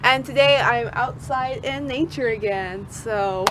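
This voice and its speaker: A woman's voice: on the high side, measured pace. A young woman telling a casual storytime vlog outdoors, with birds and cars in the background. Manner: animated, mock-angry rants with kid-friendly insults. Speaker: vlogger. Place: outdoors in nature. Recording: faint outdoor background noise. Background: birds, cars and distant voices.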